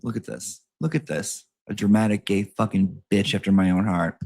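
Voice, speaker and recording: A young man hosting a casual reaction commentary, campy and profane with jokey asides. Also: moderate pace. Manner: profane, campy, jokey, lively pitch swings. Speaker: commentary host.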